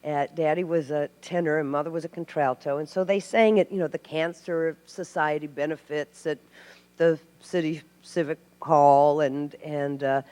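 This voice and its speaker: A woman from Tennessee, a guest at a live Q&A, telling animated stories with laughs and restarts. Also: low voice, moderate pace. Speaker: actress guest. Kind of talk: live Q&A storytelling. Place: stage before a live audience. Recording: hall reverb.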